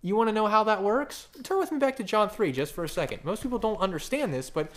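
A male pastor preaches with a somewhat high-pitched, slightly bright voice at a quick pace, pushing his points through rhetorical questions. Expressive and emphatic yet conversational, he often stammers and restarts mid-phrase.

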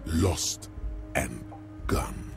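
An actor voicing a grave male inner voice that narrates a video game in a commanding, mocking way. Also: very slow. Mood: ominous. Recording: game music underneath. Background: game music.

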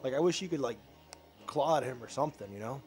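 Young man, casual let's-play host, animated, sarcastic, slightly ill, faint background music. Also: medium pitch, quick pace. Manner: sarcastic, reacting excitedly to gameplay. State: slightly ill, clearing throat and coughing. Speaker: gaming channel host. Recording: faint game music behind.

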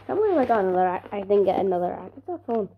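A woman's voice: mid-range voice, very animated, racing, phone-quality sound, slight background noise. A woman unboxing a new phone for her vlog, talking casually with sarcastic, grumbling asides. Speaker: vlogger.

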